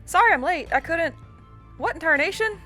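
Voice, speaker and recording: A woman's voice: very high-pitched, expressive, normal speed, sharp tone, soft background music, voice pushed up, exaggerated voice. A woman voicing a cheerful, tough country troll girl in a put-on Southern drawl, folksy in manner. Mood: cheery. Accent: put-on American Southern.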